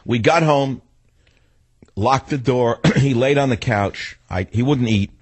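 Husky ranting New man. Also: medium pitch, takes it slowly, dry recording. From New York. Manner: blunt, ranting, digressive. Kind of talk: opinionated storytelling monologue.

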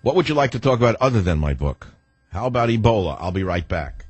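A man's voice: on the low side, big pitch swings, quick pace, husky, no echo, dull audio. Sardonic older man hosting talk radio. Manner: rambling, sardonic, acts out inner voices. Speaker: radio talk show host. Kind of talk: talk radio monologue and calls.

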